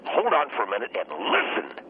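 An actor playing a hot-tempered teacher who guests on a talk show, ranting and stammering in loud bursts. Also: male voice, medium pitch, wildly swooping pitch, normal speed, phone-quality sound, slight background noise. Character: blustering middle-aged male teacher, hot-tempered. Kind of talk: comedic radio talk show sketch.

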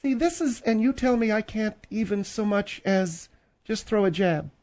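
A man's voice: high-pitched, lively intonation, normal speed, darkish tone, pitched above the performer's own voice. Brief: man playing a snooty, affected woman co-host; pompous, catty, comedy talk radio. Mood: haughty. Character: prissy, snobbish middle-aged woman co-host.

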